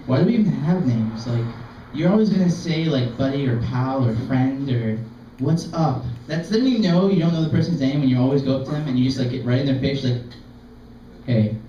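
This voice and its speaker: A young man performing open mic stand-up comedy in a self-deprecating, halting, rambling way. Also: mid-range voice, expressive, warm tone, distant mic, slight background noise. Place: small art gallery open mic. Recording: dull, echoey room recording from afar.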